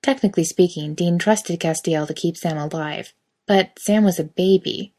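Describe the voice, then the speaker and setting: A woman reading a story aloud in steady, quiet narration. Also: fairly low pitch, normal speed. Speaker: reader.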